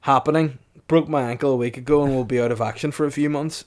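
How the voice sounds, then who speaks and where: A man's voice: mid-range voice, steady tone, fast talker, a little mellow. A man, co-hosting a casual comedy podcast and telling crude stories with frequent laughter. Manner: crude storytelling, laughs often. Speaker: podcast co-host.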